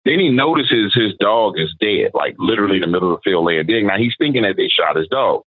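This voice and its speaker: Man, very deep, dry phone-line sound, relaxed storyteller. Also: fast talker, dry recording. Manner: conversational, quotes people in his story. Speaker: podcast guest, paranormal storyteller. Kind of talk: casual storytelling.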